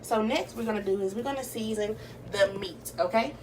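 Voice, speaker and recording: A woman's voice: mid-range voice, fairly quick, a little mellow. A young woman talks casually through a recipe in her home kitchen and keeps calling out to y'all. She sounds a little distant from the camera mic, with a faint hum of room noise behind her. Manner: chatty, addresses viewers as y'all and you guys. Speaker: cooking vlogger. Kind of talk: casual cooking tutorial.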